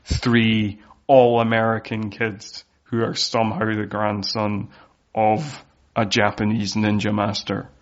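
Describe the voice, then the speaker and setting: A man's voice: fairly low pitch, level tone, slow pace, muffled recording. A man who is a podcast guest, chatting casually in an amused, exasperated way and acting out confused questions. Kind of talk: casual chat.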